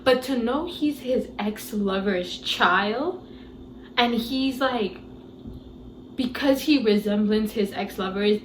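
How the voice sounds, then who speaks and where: A woman giving a casual movie review, retelling scenes in an animated, incredulous way. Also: mid-range voice, roomy sound, slight background noise, low-quality recording.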